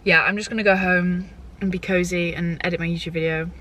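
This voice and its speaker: A woman's voice: lowish voice, fairly even intonation, a little fast, fairly bright tone. A young woman with a British accent, chatting casually to her camera in a rambling vlog style. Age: young adult. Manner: chatty and rambling, frequent "like" and "genuinely". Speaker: vlogger.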